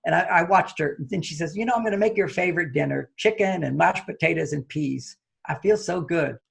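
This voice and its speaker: A man, a relationship author interviewed as a guest, telling a personal story and acting out his own reactions with sudden high, loud jumps. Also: a little fast, creaky, slightly rough.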